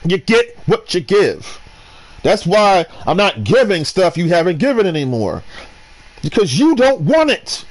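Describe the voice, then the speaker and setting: Man, gamer, ranting commentary, fairly high voice, very lively pitch, restarts, loud then muttering. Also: measured pace. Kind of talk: gameplay commentary rant.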